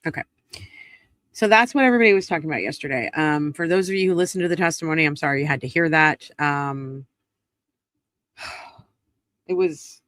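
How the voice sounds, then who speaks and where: A woman hosting a recap show, speaking in blunt, indignant casual commentary and swearing freely. Her voice is bright and sharp. The recording is close and dry, with no room sound. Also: low voice, normal speed, long pauses, dry recording. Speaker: trial recap host.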